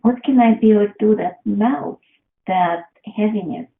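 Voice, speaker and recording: A woman's voice: mid-range voice, a little slow, creaky. A woman giving a reflective motivational talk, posing question after question to the listener. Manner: asks many rhetorical questions. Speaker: self-help speaker. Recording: tinny phone-like line in an echoey room.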